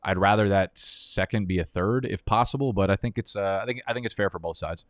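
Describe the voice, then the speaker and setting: A man's voice: low voice, fairly quick, dry recording, clean studio sound. A man hosting a live fantasy football draft stream, talking in a profane, heated, rambling way.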